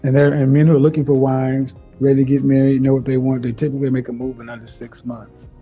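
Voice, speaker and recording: A man with a very dark, mellow voice lectures a caller in a stern, curt way. The clip sounds dull and lo-fi, with faint music under it. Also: mid-range voice, flat delivery, fast, breathy edge. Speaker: dating advice host. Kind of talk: call-in advice show.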